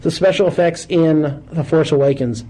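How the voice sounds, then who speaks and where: A man hosting a call-in radio show, chatting casually and animatedly with loud bursts of exclamation. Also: fairly high pitch, steady tone, moderate pace, poor audio.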